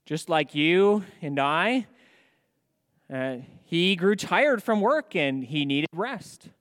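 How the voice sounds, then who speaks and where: A male pastor preaching a sermon in a church, animated and asking rhetorical questions. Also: on the high side, takes it slowly, in a large hall.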